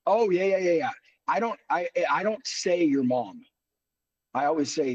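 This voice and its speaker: A man speaking as a talk show guest, his voice hoarse, in relaxed conversation. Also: medium pitch, unhurried, no echo, far from the mic. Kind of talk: casual talk show chat.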